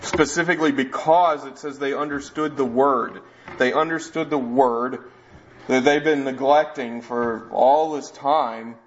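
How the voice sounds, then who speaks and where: A man teaching through a Bible passage verse by verse in a relaxed, conversational way, often restarting his phrases and adding asides. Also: mid-range voice, a little slow, a little hiss or hum. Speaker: preacher. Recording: dull lo-fi sound.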